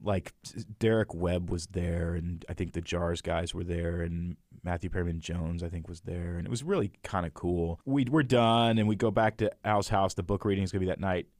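A middle-aged guest author tells stories in a casual chat, animatedly acting out quotes and laughing often. His voice sits low, moving at a moderate pace with few pauses, in studio-quality audio with no room sound.

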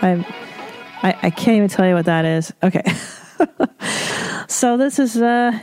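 A woman's voice: medium pitch, unhurried, a little mellow, faint music behind. A woman podcast host talking in a candid, profane, casual way, laughing often. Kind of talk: casual chat.

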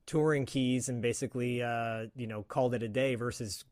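A man hosting an interview, enthusiastic and agreeable, with quick affirmations. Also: medium pitch, steady tone, a little mellow. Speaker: interview host. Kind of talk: casual interview chat.

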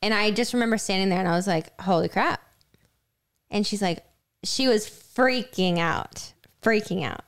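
A woman's voice: mid-range voice, moderate pace, clear, resonant tone. A young woman co-hosting a podcast, telling a personal story in casual chat with lots of fillers. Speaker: podcast co-host.

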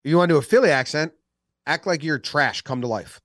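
A man's voice: a little high, quick pace, a bit bright. A man co-hosting a casual sports podcast, joking around and putting on mock accents. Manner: jokey, mock accents for laughs. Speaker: podcast co-host.

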